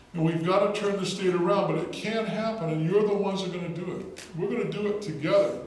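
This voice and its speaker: A man who is a state legislator, giving an emphatic storytelling speech at a political rally. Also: high-pitched. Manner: storytelling, emphatic, repeats words for effect. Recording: echoey hall, distant mic, faint noise.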